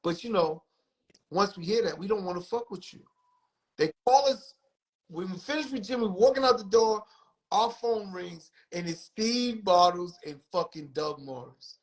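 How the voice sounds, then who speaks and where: Profane, animated high-voiced man. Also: moderate pace, low-quality recording. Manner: profane, animated, acts out other people's lines. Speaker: music industry guest. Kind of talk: candid storytelling on a livestream podcast.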